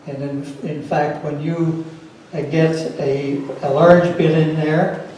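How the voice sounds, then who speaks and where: A man running an informal workshop demo for a club audience, speaking in a plainspoken, practical way. His voice is slightly high and mellow. He is picked up from a distance in a very reverberant room with faint background noise. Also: flat delivery, takes it slowly. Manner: plainspoken, practical, answers questions on the fly. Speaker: club presenter teaching routing.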